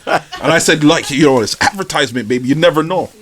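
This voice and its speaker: A man telling a story in casual chat as a podcast guest, relaxed and rambling, with lots of fillers and laughs. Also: on the high side, quick pace.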